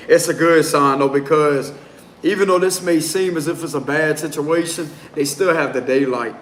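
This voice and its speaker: A slightly high-voiced man reads tarot cards live in a loose, slangy, easygoing way that keeps slipping into giggles. His voice bounces around a roomy space, with a faint hiss of noise underneath. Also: moderate pace, fairly bright tone. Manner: casual and slangy, prone to giggles. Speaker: tarot reader. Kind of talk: casual live tarot reading.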